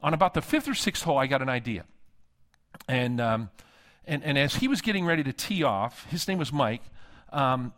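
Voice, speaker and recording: Animated man preaching a storytelling sermon. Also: medium pitch, normal speed. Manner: animated storytelling, acting out dialogue. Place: conference hall.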